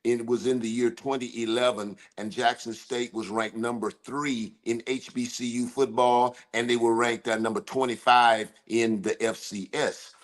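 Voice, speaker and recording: An older man hosting a casual sports talk show, loud and joking, drawling his football banter. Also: mid-range voice, flat delivery, moderate pace, few pauses. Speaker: host, former football coach.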